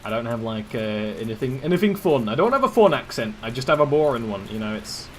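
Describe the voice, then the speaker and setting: A man's voice: medium pitch, very animated, a little fast, slight background noise. A man with an English accent giving casual, rambling live commentary while playing a game and chatting with viewers. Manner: rambling, chatty asides to chat. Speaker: streamer.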